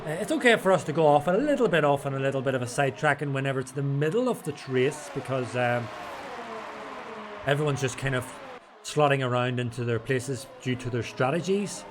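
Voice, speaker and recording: A man's voice: mid-range voice, a little fast. A man casting a live sim race, joking around and slipping into playful put-on accents. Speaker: sim racing caster. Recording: clear background noise.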